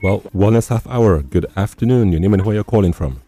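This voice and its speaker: A man hosting a radio health talk show, speaking in a measured way and often repeating and summing up his guest's points. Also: fairly low pitch, expressive, mellow, faint music behind. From Nigeria. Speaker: radio host.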